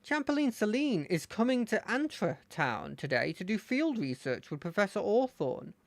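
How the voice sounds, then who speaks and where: A streamer voicing an eager, excitable young male rival trainer from a fangame, speaking high and bubbly. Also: moderate pace, no echo. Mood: cheerful. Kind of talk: reading game dialogue aloud.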